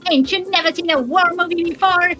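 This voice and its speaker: Woman putting on a drill-sergeant robot drone, high-pitched, gruff, barking, insulting, game music behind. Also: a little fast. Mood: barking orders. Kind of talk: fan voice-over of a game.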